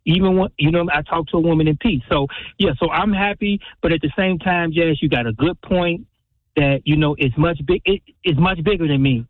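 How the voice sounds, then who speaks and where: A man calling in to a radio show, speaking warmly and affirmingly, often halting and restarting. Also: a little high, no room sound. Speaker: caller. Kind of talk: call-in talk radio. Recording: tinny phone line.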